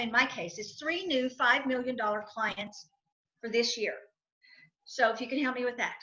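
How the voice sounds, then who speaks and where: A middle-aged woman speaks as an interview guest, with a high, forceful, bright voice. She drives each point home by repeating it and acting out quotes. The sound is muffled and lo-fi. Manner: emphatic, repetitive, storytelling with acted quotes. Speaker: guest, financial advisor and entrepreneur. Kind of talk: enthusiastic interview talk.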